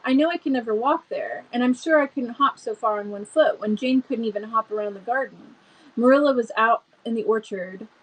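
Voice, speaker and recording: A woman's voice: a little high, animated, brisk, few pauses, fairly bright tone, rough recording. A woman voicing an imaginative, dramatic young girl who speaks in solemn, earnest tones. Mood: dazed.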